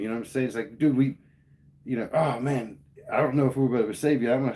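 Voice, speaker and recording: A man's voice: medium pitch, fairly even intonation, normal speed, vocal fry, long pauses, darkish tone. A man livestreaming, telling a heated, profane story to his chat in casual speech. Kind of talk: casual rant to live chat.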